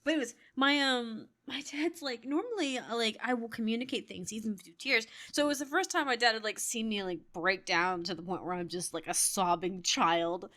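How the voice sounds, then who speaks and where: A woman's voice: fairly high pitch, brisk, hardly any pauses, bright, forceful tone. Chatty woman rambling over gameplay. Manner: rambling, chatty storytelling with frequent laughter. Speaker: gamer. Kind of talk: casual gameplay commentary.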